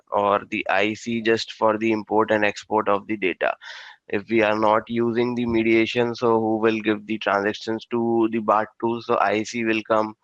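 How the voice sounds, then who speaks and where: A male instructor explains a technical system in a halting way, full of fillers and restarts. His low voice stays flat and even. The recording sounds dull and lo-fi, with a dry, close sound. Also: dry recording. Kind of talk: technical training lecture.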